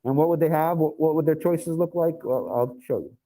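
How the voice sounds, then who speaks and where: A male physics teacher leading a live online class, thinking aloud and reading formulas out slowly, with casual asides. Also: on the high side, dark tone, poor audio.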